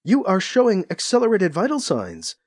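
A man's voice: high voice, huge pitch swings, moderate pace, a little mellow, breathy edge, no room sound, clean studio sound, voice pushed up, heavily acted. Suit computer, voiced by a man, clipped status reports. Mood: clinical. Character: spacesuit computer, male, flat and mechanical.

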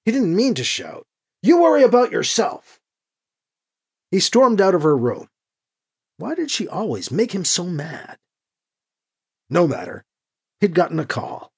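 A reader narrating a novel with expressive storytelling. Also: measured pace, pauses often, husky. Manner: expressive storytelling with wide pitch swings. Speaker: audiobook narrator. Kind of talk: scripted narration.

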